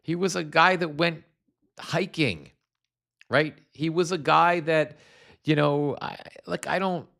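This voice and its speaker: A man's voice: fairly high pitch, slow pace, vocal fry, bright, forceful tone. A middle-aged man from New Jersey hosting a political livestream, ranting in a casual, profane way with many restarts and fillers, and reading chat comments aloud.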